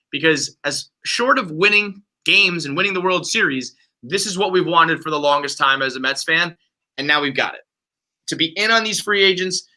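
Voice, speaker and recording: A man hosting a casual sports podcast, ranting profanely as an excited fan. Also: sits high, rough recording. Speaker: podcast host.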